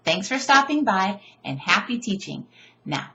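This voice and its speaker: Woman teacher, mid-pitch voice, casual and chatty, sounds a little tired. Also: unhurried, dull audio. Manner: chatty, animated, self-deprecating asides. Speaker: teacher giving teaching tips. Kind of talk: casual instructional video.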